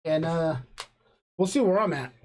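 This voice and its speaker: A man's voice: fairly high pitch, normal speed, a little mellow, slight background noise. Podcast host, man, 30s, from New Mexico, tipsy, profane rambling ranter. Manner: profane, rambling, jokey ranting. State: tipsy from drinking. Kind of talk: casual chat.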